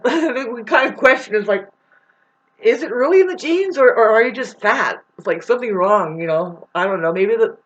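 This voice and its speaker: A man's voice: high voice, fairly bright tone, muffled recording. Brief: male vlogger, rambling profane rant, loose and scattered delivery. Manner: rambling, swears a lot, jumps between topics, restarts.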